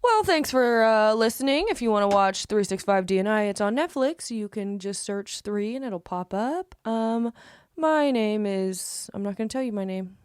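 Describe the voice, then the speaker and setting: A woman's voice: medium pitch, animated, moderate pace, smooth, dry recording. A woman guest on a podcast, chatting casually in a playful, giggly, jokey way.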